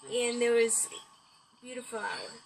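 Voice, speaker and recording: A woman with a slightly high voice improvising a story about caterpillars. She rambles and restarts her sentences, with a faint hiss in the background. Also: level tone, unhurried, creaky, low-quality recording.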